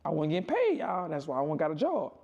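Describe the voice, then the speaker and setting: A man casually telling a long personal story, rambling and repeating himself, with animated quoted voices. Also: fast talker, vocal fry, muffled recording. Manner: rambling, repetitive, punctuates with "boom" and "right?". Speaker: storyteller in a played clip.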